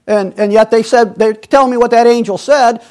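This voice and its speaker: High-voiced man teaching a Bible study. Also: fairly even intonation, normal speed, darkish tone. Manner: digressive, many restarts and fillers. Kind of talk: rambling Bible study talk.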